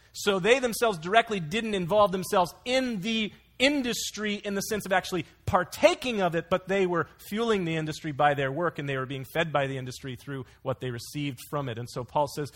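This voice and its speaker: A man's voice: on the high side, moderate pace, fairly bright tone. A man preaching an earnest expository sermon, mixing scripture with anecdotes.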